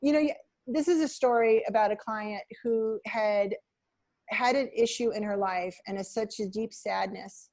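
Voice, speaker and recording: A woman guest in an interview, speaking at a middle pitch. She shares stories in an earnest, reflective tone, with a warm storytelling flow. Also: moderate pace. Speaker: hypnotherapist guest. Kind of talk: conversational interview.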